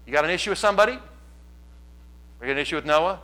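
A man preaching a sermon in his church, swinging from loud, lively delivery to quiet asides. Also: mid-range voice, very fast, pauses often. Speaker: pastor.

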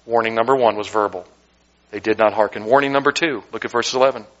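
A man's voice: on the low side, fast talker, dull audio. A man from the United States, a pastor preaching a sermon in a church sanctuary, fervent, with self-deprecating joking asides.

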